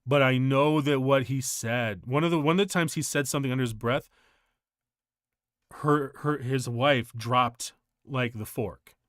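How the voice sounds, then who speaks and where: Dry-voiced man telling a story haltingly. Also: mid-range voice, fairly bright tone, no room sound. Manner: rambling, halting, with many restarts. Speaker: streamer. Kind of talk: casual storytelling chat.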